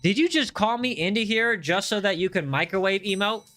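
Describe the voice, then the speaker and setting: A man's voice: sits high, expressive, brisk, a bit bright, soft background music. A man hosting a live gameplay stream, reading chat aloud and chatting in a playful, teasing way. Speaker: gaming livestream host.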